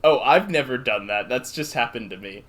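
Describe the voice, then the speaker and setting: A man's voice: medium pitch, animated, moderate pace, noisy background. A young man trades jokes on a casual comedy podcast. He talks playfully and sometimes slips into a mock-announcer voice. He often stumbles and restarts his sentences. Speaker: podcast co-host.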